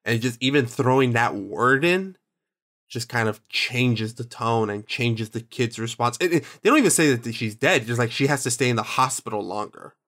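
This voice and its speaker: A man's voice: medium pitch, lively intonation, normal speed, fairly bright tone. A man co-hosting a casual movie podcast, talking reflectively with restarts. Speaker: podcast co-host.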